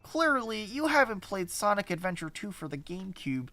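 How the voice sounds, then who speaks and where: A man's voice: high voice, big pitch swings, normal speed, sharp tone. A male streamer giving casual, rambling gameplay commentary, sarcastic and swearing often.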